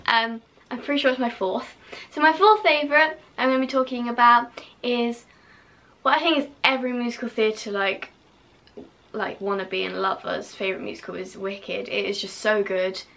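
A woman's voice: on the high side, steady tone, normal speed, gravelly, fairly bright tone. A young woman vlogging casually to camera, gushing and full of fillers, now and then dropping to a whisper.

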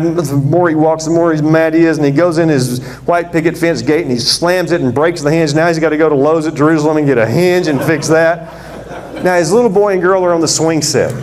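Guy preaching, kinda high voice, goes big and dramatic doing all the characters. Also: moderate pace. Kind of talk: animated storytelling sermon.

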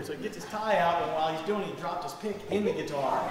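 A man's voice: high-pitched, quick pace, few pauses, very noisy. A man casually telling a funny story at a funeral service in a church, acting out what others said. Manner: animated, acts out quoted lines. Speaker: funeral speaker. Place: church sanctuary. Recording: very echoey church with music.

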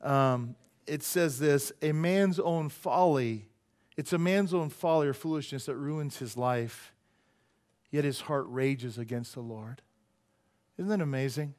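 A man, a pastor, preaching a casual, joking sermon in a church and acting out quoted voices with big jumps in pitch. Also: measured pace, a little mellow. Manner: joking and conversational, teases the audience. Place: church sanctuary.

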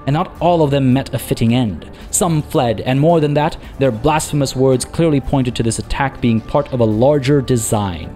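A man's voice: fairly high pitch, moderate pace, mellow, soft background music, pitched above the performer's own voice, close to an everyday voice. A man doing a fierce zealous warrior sister. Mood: furious.

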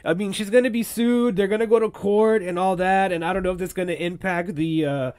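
A man's voice: sits high, steady tone, brisk, darkish tone, clean tone, no room sound, clean studio sound. A young man hosting a podcast, riffing on entertainment news in a profane, rambling way with laughing asides. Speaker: podcast host. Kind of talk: casual entertainment-news commentary.

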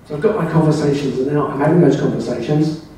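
An older man from England giving a slide presentation at a club, telling wry, anecdotal stories in a relaxed way. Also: fairly high pitch, fast talker, recorded from a distance, a little hiss or hum. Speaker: club speaker. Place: club meeting room. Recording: very echoey room, voice heard from afar.

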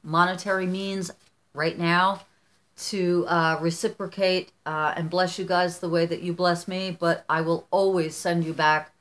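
A middle-aged woman vlogger from the United States talks casually and warmly to her viewers. Her voice sits a little low for a woman. She gushes and rambles, often restarting her sentences as she goes. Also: little pitch movement, measured pace. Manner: gushing, effusive, rambling with restarts. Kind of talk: casual chat opening fan mail.

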